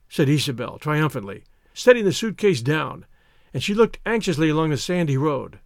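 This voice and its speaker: A man's voice: a little high, lively intonation, moderate pace, a little mellow, dry recording, clean studio sound. A man reading a short story aloud as narrator, shifting his voice up for the characters' lines.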